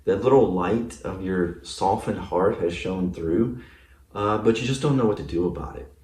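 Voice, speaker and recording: A man's voice: sits low, moderate pace, a little mellow, echoey room, distant mic. A male pastor giving a casual, conversational sermon, full of fillers and often checking in with the congregation. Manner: casual, filler-heavy, asks the congregation "right?". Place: church sanctuary.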